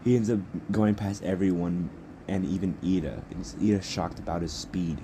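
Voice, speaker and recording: A man's voice: low voice, fairly even intonation, normal speed, background noise. A young man improvising a fan story as narrator, rambling and correcting himself as he goes.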